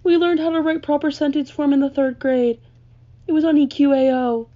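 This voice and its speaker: A woman's voice: high-pitched, fairly even intonation, a little fast, highs cut off. A young woman, a college student ranting sarcastically on her vlog, full of "like" and rising exasperation. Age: young adult.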